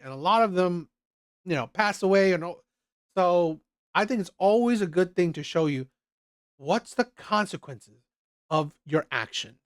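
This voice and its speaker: A man's voice: sits high, expressive, a little slow, long pauses, smooth, dry recording, studio quality. A man hosting a reaction channel, giving opinionated commentary in a rambling way, often restarting and repeating his phrases.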